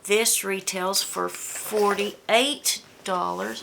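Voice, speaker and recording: A woman's voice: mid-range voice, steady tone, slow pace, vocal fry, heavy background noise. A woman from the American South chatting casually through a beauty box unboxing. She reads product blurbs aloud and stumbles over the product names. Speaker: beauty vlogger.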